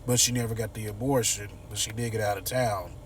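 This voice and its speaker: A man's voice: fairly low pitch, fairly even intonation, brisk, far from the mic, slight background noise. Slangy man recapping a TV show. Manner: loose slangy storytelling, acts out characters' lines. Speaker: TV episode reviewer. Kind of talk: casual recap chat.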